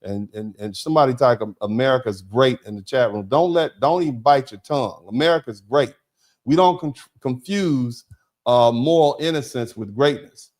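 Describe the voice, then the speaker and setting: Male livestream host, mid-pitched, chatty and emphatic, halting restarts, reading chat aloud. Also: darkish tone. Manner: conversational and emphatic, with repeated "you see what I'm saying". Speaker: host of a live show, a lawyer. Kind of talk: livestream talk, thanking viewers and reading chat.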